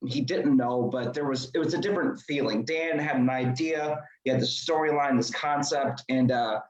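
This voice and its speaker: A male band member talking casually about making a record, relaxed and rambling. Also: medium pitch, moderate pace, echoey room, lo-fi sound. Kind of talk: casual interview talk.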